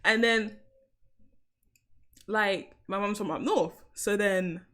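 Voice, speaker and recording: Young female streamer, London accent, casual and chatty, mid-pitched. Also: slow pace, fairly bright tone. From South London, England. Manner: chatty, laughs often, jokey. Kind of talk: casual live-stream chat.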